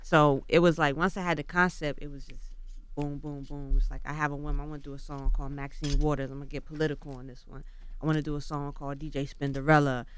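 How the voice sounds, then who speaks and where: A woman's voice: deep voice, level tone, fast, clear, resonant tone. A woman rapper as a guest on a radio morning show, chatting casually and telling stories in laid-back slang. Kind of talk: casual interview chat. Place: radio studio.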